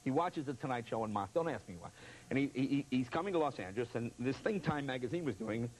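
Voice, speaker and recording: A man telling a comic story as a talk show guest, animated and laughing, with lots of voices and sound effects. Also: mid-range voice, fast. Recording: noisy television studio audio.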